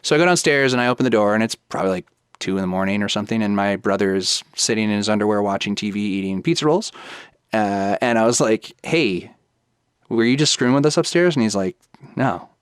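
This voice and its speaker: A man's voice: fairly low pitch, fast talker, clean tone, dry recording, studio quality. A man in his thirties telling a personal ghost story in a casual way, acting out the quoted dialogue and using lots of "like". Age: 30s. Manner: lively retelling that acts out quoted dialogue, with many "like"s. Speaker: guest storyteller.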